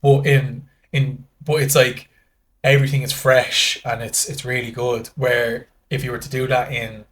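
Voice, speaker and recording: A man's voice: mid-range voice, little pitch movement, a little slow, fairly bright tone. A man with a Dublin Irish accent, a guest in casual podcast chat, rambling through stories full of restarts and acted-out dialogue. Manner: rambling storyteller acting out dialogue, many restarts.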